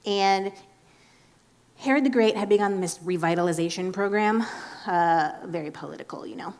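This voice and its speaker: A woman preaching in a casual, chatty way, animated and filling her talk with "like.". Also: mid-range voice, normal speed. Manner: chatty and animated, heavy use of "like". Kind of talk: casual sermon.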